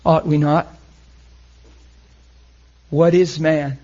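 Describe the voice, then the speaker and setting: A man preaching a sermon, emotional, swinging between loud and hushed. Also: a little high, normal speed, breathy edge, lo-fi sound.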